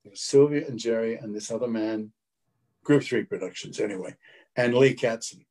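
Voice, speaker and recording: A man's voice: lowish voice, moderate pace. An older man with an Australian accent, a guest actor telling anecdotes in an interview and mimicking the people in them. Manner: lively raconteur who mimics the people in his stories.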